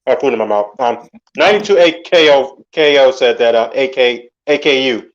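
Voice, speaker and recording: A man who is a guest on a boxing podcast and talks bluntly and dismissively, with some swearing. His voice sits in a middle pitch. The recording sounds slightly dull and muffled. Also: normal speed. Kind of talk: boxing opinion talk.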